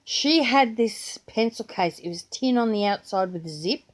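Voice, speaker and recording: Speaking at normal speed in an expressive, slightly high voice, an older Australian woman with a grandchild makes a chatty vlog, rambling through her planner and pens.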